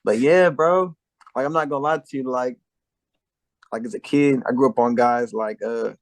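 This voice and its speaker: A man's voice: mid-range voice, steady tone, normal speed, no room sound. A young American man as a podcast guest, laid-back and slangy, often repeating his phrases. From United States. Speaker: guest musician. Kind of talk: casual interview chat.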